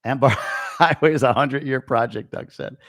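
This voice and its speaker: On his laid-back live-stream, an American host from Long Island, New York, goes through viewer comments and responds with frank opinions. His mid-range voice is brisk and fairly bright. The audio is dry, with a clean studio sound.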